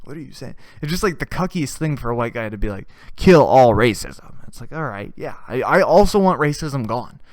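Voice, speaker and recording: A man's voice: mid-range voice, lively intonation, a little fast, hardly any pauses, no room sound. A young man hosting a podcast, ranting in a crude, profane and sarcastic way with mocking asides. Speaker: podcast host. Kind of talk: crude comedic rant.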